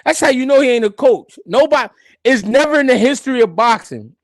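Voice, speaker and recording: A man's voice: extremely high pitch, animated, a little fast, dry recording, clean studio sound. A man hosting a live boxing stream, joking and laughing through profane banter.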